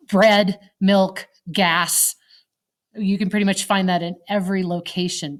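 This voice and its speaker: Woman teacher, recorded online lecture, conversational, quizzes the class. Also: medium pitch. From Colorado, United States. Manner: conversational, asks the class questions.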